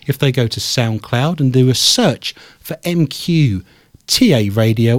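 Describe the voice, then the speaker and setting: A man hosts a radio show in a studio, telling rambling stories with a dry, joking edge. His voice sits at an ordinary pitch for a man. The sound is close and dry, with almost no room in it. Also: no room sound. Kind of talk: casual radio banter.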